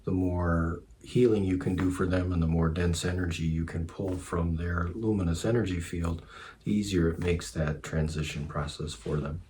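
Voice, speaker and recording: A man who is a shaman and co-host, calmly explaining healing practice in a casual chat. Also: low-pitched, normal speed, slight background noise.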